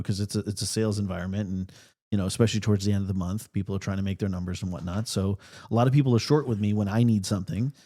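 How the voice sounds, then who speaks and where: A man's voice: fairly low pitch, dark tone. A middle-aged man co-hosting a podcast, talking casually and rambling, with lots of fillers and restarts. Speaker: podcast co-host. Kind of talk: casual chat. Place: podcast studio.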